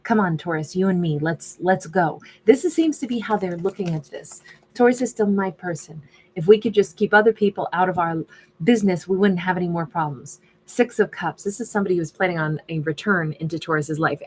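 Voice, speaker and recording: A woman's voice: on the low side, slight background noise. A woman doing a casual tarot reading who thinks aloud and is losing her voice. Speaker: tarot reader.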